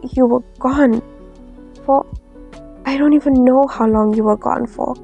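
Woman reading as a teary young hero bf, soft and choked up, gravelly and flat. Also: high voice, a little slow, lo-fi sound. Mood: tearful. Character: tender young male hero boyfriend, tearful. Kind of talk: fanfiction reading. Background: faint lofi music.

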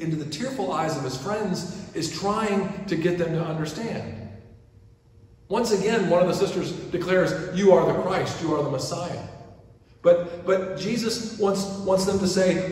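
A man preaching a sermon as pastor, shifting from loud quoted pleas to hushed asides. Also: sits high. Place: large church sanctuary. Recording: echoey church from far off.

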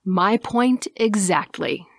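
A woman voicing a tall, mysterious nobleman who speaks slowly and softly in a courtly, old-fashioned way. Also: mid-range voice, expressive, vocal fry, husky, dry recording, studio quality, full character voice. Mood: wry. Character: deep-voiced tall mysterious nobleman, intense.

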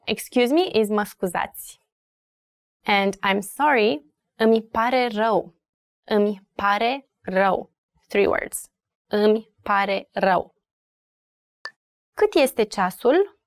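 A Romanian woman with a Romanian accent, teaching travel phrases slowly and repeating each one for learners. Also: mid-range voice, no room sound, clean studio sound. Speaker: language teacher. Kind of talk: language lesson.

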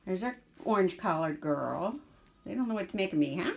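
A woman's voice: mid-range voice, lively intonation, brisk, vocal fry. A woman dog breeder chatting casually while showing her puppies, slipping into baby talk with them. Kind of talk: casual vlog narration. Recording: background noise.

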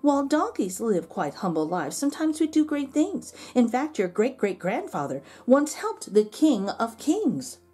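A woman voicing a gentle, patient mother donkey in a storybook read-aloud, speaking softly and soothingly. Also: a little high, big pitch swings, measured pace, hardly any pauses, husky, voice pushed up, heavily acted. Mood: tender. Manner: soft and soothing.

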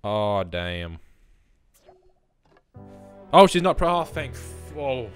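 A man's voice: on the high side, normal speed, faint music behind. A young man giving chatty gameplay commentary as a let's play host, muttering reactions as he goes.

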